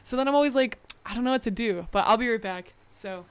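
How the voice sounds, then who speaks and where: A woman's voice: a little high, fast talker, smooth. A young woman streamer, bubbly and chatty with lots of "like" fillers, talking casually to her live chat from a room at home. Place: home room with a bright window.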